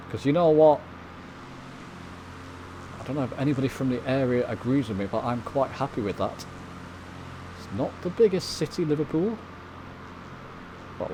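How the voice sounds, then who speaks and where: A man from the UK talks casually over his flight simulator footage, pointing things out and chatting to his viewers. His voice sits at an ordinary middle pitch. A faint background hiss runs under the desk-mic recording. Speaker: flight sim video host. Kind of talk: casual commentary over gameplay.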